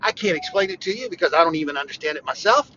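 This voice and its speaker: A man preaching on a podcast in an informal, conversational way, emphatic and repetitive, with sudden bursts of loud emphasis. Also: a little high, expressive, rapid-fire, lo-fi sound, noisy background. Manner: conversational, talks straight to the listener. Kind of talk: informal devotional podcast talk.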